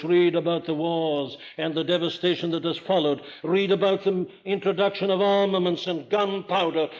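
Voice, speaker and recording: Older preacher, dull archival recording. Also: male voice, a little high. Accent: Welsh. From Wales. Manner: emphatic, rhetorical questions, rising to forceful declarations. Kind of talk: sermon.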